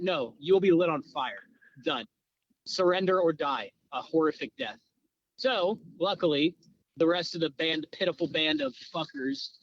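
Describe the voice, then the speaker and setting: A man co-hosting a podcast, improvising a crude comedic story in an animated way, jumping in pitch for quoted voices. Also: no room sound, highs cut off. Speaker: podcast co-host.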